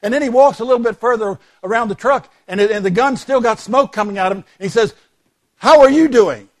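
Talking fast in a high-pitched voice, a pastor delivers a church sermon full of folksy stories and jokes with the congregation.

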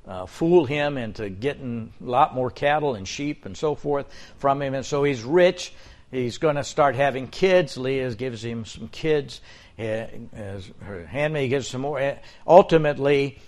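A man in his seventies preaching a sermon, folksy and storytelling, with joking asides to the congregation. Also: mid-range voice. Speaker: pastor.

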